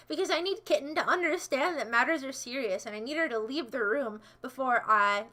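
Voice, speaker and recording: Goofy high-voiced woman streamer. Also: pushed and bright. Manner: playful, goofy, jumps between silly voices and asides. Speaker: livestreamer reading chat. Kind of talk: casual livestream chat.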